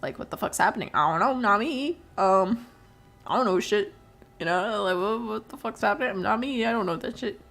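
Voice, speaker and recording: A woman's voice: mid-range voice, a little fast, fairly bright tone. A teenage girl live streaming, chatting casually and rambling through stories, laughing often and swearing freely. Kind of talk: casual chat while drawing on stream.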